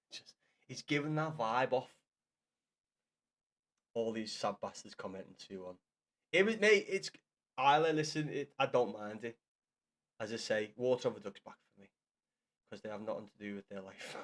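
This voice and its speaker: A man chatting with his live-stream viewers, full of banter and swearing, repeating himself and calling them lad and mate. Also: mid-range voice. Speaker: streamer reading chat.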